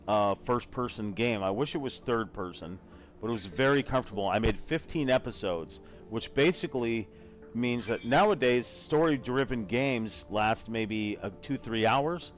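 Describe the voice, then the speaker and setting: A man's voice: medium pitch, moderate pace, soft background music. A middle-aged man hosting a casual gaming chat show, talking in a rambling, self-deprecating way. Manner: rambling, self-deprecating, slips into a joking put-on accent. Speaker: podcast host.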